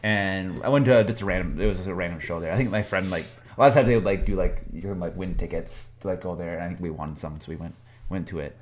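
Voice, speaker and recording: A man's voice: deep voice, quick pace, slight background noise. A man telling a story in casual chat, hesitant and full of fillers. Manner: hesitant, many fillers and likes.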